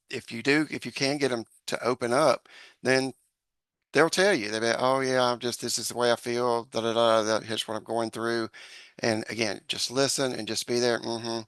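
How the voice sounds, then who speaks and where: A man's voice: medium pitch, a bit bright, no room sound. A man speaking as a podcast guest, giving earnest advice with hesitant restarts and acted-out example dialogue. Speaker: podcast guest, social psychologist. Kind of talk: conversational advice in an interview.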